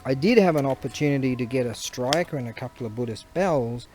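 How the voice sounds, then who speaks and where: A man's voice: mid-range voice, a little fast, background noise. A man, chatting casually in a rambling, storytelling way for his vlog, recorded outdoors on a camera mic. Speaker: vlogger.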